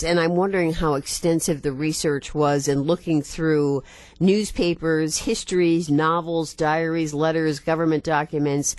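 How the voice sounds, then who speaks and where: A woman hosts a call-in show from a radio studio, speaking in a gracious, measured way. Her voice is low for a woman. The sound is close and dry. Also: a little mellow, no room sound.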